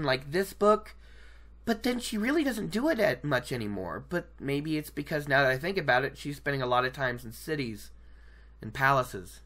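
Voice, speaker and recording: An excitable podcast host rambles through a book discussion, laughing often and cracking himself up. The voice is bright, with a tone that swings high and low.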